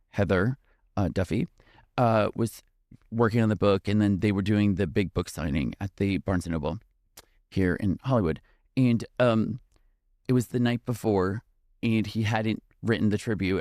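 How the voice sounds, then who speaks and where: A man's voice: lowish voice, a little mellow, dry recording, studio quality. A man, a podcast guest, telling a heartfelt story in a tearful, emotional way, with many fillers and restarts.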